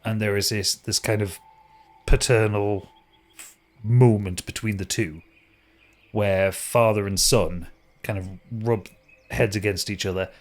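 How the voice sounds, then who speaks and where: A British man narrating a tabletop game as game master, descriptive and unhurried, with frequent fillers. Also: on the low side.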